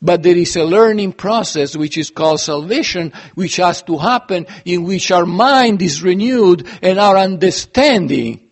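Husky high-voiced male preacher. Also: lively intonation, a little slow. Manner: earnest, emphatic, with sudden rises and drops in loudness. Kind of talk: sermon.

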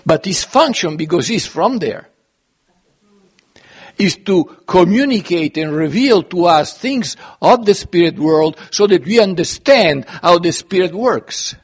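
Man giving a sermon, fairly high and slightly husky, earnest with swelling emphasis. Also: expressive, a little slow. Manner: earnest, emphatic, with sudden rises and drops in loudness. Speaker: preacher.

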